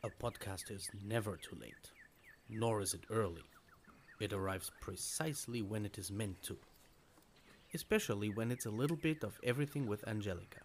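A man with a lowish voice delivers a voice message greeting in a measured, playfully formal manner. Faint noise sits behind him. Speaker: podcaster guest sending a voice message.

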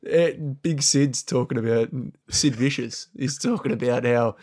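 A male podcast co-host with a gravelly, fry-laden voice at a middle pitch. He keeps up dry, joking banter in casual chat. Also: fairly even intonation, measured pace, a little mellow.

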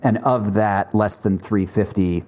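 A man hosting a podcast, telling stories in casual chat with relaxed filler words. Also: lowish voice, a little slow. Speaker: podcast host.

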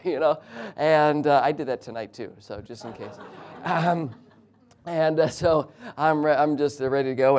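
A middle-aged preacher with a medium-pitched voice delivers a sermon, first praying and then telling a funny personal story. His delivery is lively and animated.

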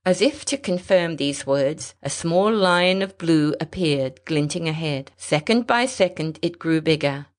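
A woman narrating a story in a measured, expressive way. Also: sits low. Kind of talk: storybook reading.

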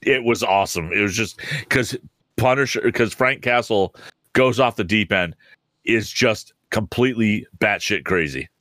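A man co-hosting a podcast in casual chat, relaxed and a little hesitant, often pausing on "um". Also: lowish voice, dry recording, studio quality. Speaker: podcast co-host.

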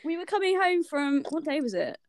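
A woman's voice: high-pitched, big pitch swings, a little fast, no room sound. A young woman with a West Country accent, co-hosting a casual podcast chat, swearing freely and acting out people she quotes. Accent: West Country English. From West Country, England. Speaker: podcast co-host.

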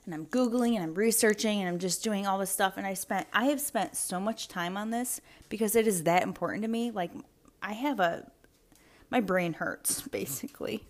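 A woman's voice: medium pitch, moderate pace. A young woman hosting a casual solo podcast from home, chatty and rambling, slightly out of breath, swearing now and then. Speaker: podcast host. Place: at home with pets around.

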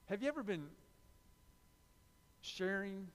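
Male preacher, slightly high voice, repeats his points for emphasis, long church-hall reverb. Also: expressive, moderate pace, pauses often. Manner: repetitive, emphatic preaching, confessional asides. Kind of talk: sermon.

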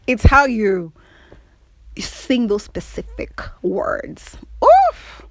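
Woman host rambling and laughing, bouncy high voice, slow easy pace, dry close sound. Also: sing-song, no echo. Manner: laughs often, teasing and playful, repeats "all right?". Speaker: podcast host. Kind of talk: casual solo chat.

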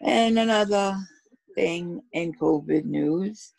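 A woman co-hosting a podcast in a casual news chat, her voice hoarse and gravelly, talking slowly with many pauses. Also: lowish voice, darkish tone, a little hiss or hum, poor audio. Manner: slow, halting delivery with many pauses. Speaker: podcast co-host.

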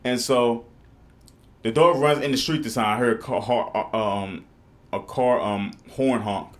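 A man's voice: mid-range voice, a little slow. A man hosting a podcast in a studio, telling a story in casual chat with lots of swearing. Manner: animated storytelling, heavy swearing. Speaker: podcast host.

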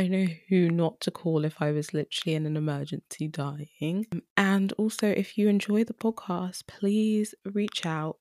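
A woman's voice: fairly low pitch, darkish tone, dry recording, studio quality. A young woman hosting her own podcast, chatting casually and poking fun at herself with frequent laughs. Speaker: podcast host. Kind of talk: casual solo podcast chat.

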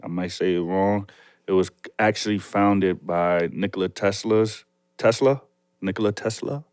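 Young New York guy, co-host; low, easygoing, rambly, dry close sound. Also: a little slow, darkish tone, smooth, no echo. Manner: laid-back, rambling, laughs often. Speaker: podcast co-host. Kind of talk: casual chat.

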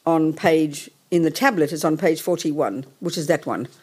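A woman's voice: low voice, normal speed, a little mellow, breathy edge. A woman from England, leading a hybrid group session in a meeting room, rambling and cutting herself off as she sorts things out. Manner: rambling, self-interrupting, talks while sorting things out. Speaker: session leader. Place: meeting room with a live audience and remote listeners.

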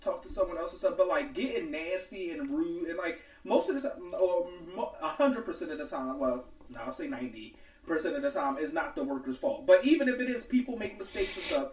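Podcast co-host in his twenties, man, high animated voice, roomy sound. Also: fairly quick, hardly any pauses. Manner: rambling, lots of "like". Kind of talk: casual chat.

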